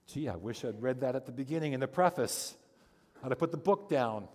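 A male pastor giving a sermon, telling stories with humor and building to animated emphasis. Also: medium pitch, brisk. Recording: long reverb of a large hall.

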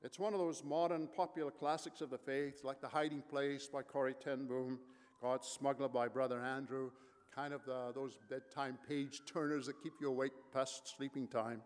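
A man's voice: mid-range voice, level tone, normal speed, smooth, big-room sound. A man preaching a sermon as pastor, emphatic and full of rhetorical questions.

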